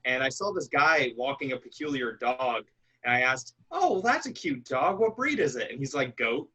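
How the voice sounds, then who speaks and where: Casting note: bright, slightly husky man, hesitant storyteller. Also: mid-range voice, sing-song, low-quality recording. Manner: halting, lots of "uh" fillers. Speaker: improv comedy cast member. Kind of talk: casual group chat.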